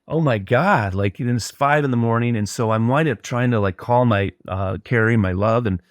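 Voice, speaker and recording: A man's voice: medium pitch, a little fast, no room sound, studio quality. A middle-aged man, a podcast guest, earnestly and reflectively retelling a personal story in conversation.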